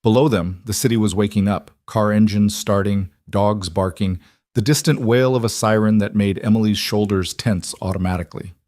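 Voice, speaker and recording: A man narrating a romance story in a measured, even storytelling manner. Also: on the low side, no echo, clean studio sound. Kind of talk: scripted narration.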